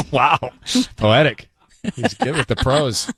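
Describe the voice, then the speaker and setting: Man, radio host, joking banter, very animated pitch, dry studio sound. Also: slightly rough, dry recording. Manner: joking, teasing, quick laughs. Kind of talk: casual morning radio banter.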